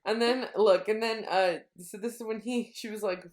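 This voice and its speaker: A woman's voice: medium pitch, moderate pace, few pauses. A woman co-hosting a podcast, casually retelling a book and acting out its quotes with laughs. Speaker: podcast co-host.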